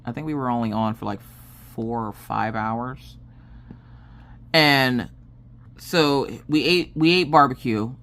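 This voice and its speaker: A woman's voice: a bass voice, takes it slowly. A woman vlogger chatting casually about her day while working on a diamond painting craft. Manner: animated, lively storytelling with acted quotes and laughs.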